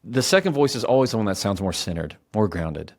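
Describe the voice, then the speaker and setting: Man, low voice, casual coaching talk, dry close sound, slows down for emphasis, restarts sentences. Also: animated, no echo. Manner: conversational, self-correcting, slows down for emphasis. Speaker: communication coach.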